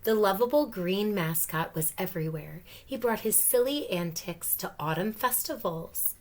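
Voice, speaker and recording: A woman teacher reading a picture book aloud to children, gently pausing to explain words and ask questions. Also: medium pitch, expressive.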